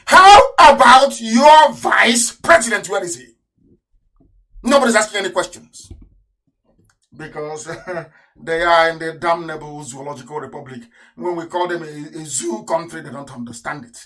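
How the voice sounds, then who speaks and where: A Nigerian-accented man holds forth on live radio in a fairly high voice. He is openly contemptuous and fires rhetorical questions at his audience. His volume lurches from near-shouting to muttered asides. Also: normal speed, low-quality recording. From southeastern Nigeria. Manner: scornful, hammering rhetorical questions; swings between loud outbursts and low mutters. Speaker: radio broadcaster and activist. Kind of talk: impassioned live radio address.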